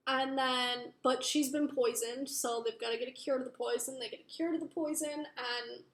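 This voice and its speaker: A woman's voice: high-pitched, fairly even intonation, moderate pace. A young woman casually recapping a book plot, rambling with lots of fillers and swearing. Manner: rambling, filler-heavy, profane. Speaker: book reviewer. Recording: roomy echo.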